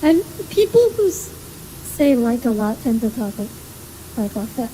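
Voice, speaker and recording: A young woman vtuber chatting casually while gaming, with a monotone, hesitant delivery that often trails off. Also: a little high, moderate pace, slight background noise, rough recording. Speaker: vtuber streamer. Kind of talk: casual gameplay chat.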